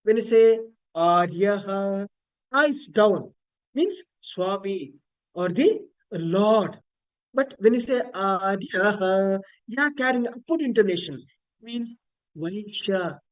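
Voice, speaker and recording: A man's voice: high voice, animated, slow, poor audio. A man giving a webinar lecture on Vedic chanting, patiently explaining and chanting Sanskrit words to show their intonation. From India. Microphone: video call.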